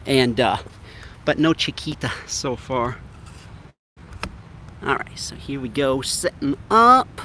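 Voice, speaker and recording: Cooking on a riverbank, a fishing vlogger chats in an upbeat way with livestream viewers, facing a camera on a tripod. His mid-range voice swings widely in pitch, and he speaks slowly with frequent pauses. Loud ambient noise fills the outdoor camera audio.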